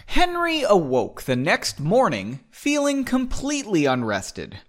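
A man's voice: sits high, huge pitch swings, unhurried. A man hosting a casual show, chatting and reading his story aloud with frequent digressions and laughs. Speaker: podcast host reading his own story.

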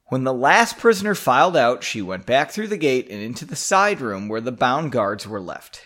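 A man's voice: mid-range voice, a bit bright. A man reading his own story aloud and then chatting about it in a rambling, self-mocking way, laughing often. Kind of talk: casual storytelling with rambling commentary.

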